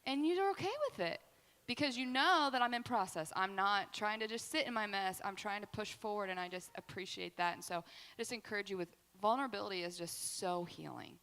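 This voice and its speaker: A woman's voice: mid-range voice, brisk, fairly bright tone. A woman pastor sharing a heartfelt, candid testimony at a church Q&A, full of fillers and restarts. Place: church hall. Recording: long hall reverb.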